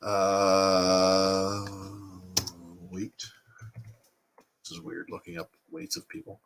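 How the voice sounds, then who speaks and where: A man in his thirties hosts a casual livestream. He rambles and thinks aloud as he answers his chat, and his pitch swings up and down freely. His voice has a bright, forward edge. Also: huge pitch swings, very slow, vocal fry, a little hiss or hum. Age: 30s. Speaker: toy collecting livestream host.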